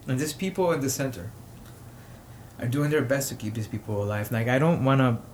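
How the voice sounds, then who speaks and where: A man with a mid-range voice hosts his own podcast, offering emotional personal commentary. He pauses often and builds to indignation, with a little hiss or hum in the recording.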